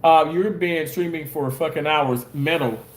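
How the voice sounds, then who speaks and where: A man with a fairly high voice chats casually on a live stream, reading comments aloud and answering his critics defensively. His voice carries a roomy echo. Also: measured pace. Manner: defensive, argues back at commenters. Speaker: live streamer and content creator.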